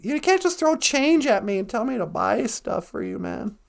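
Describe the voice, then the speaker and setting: Lady doing a sassy sarcastic street kid, high voice. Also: sing-song, moderate pace, gravelly, full character voice. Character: sassy cheeky street boy.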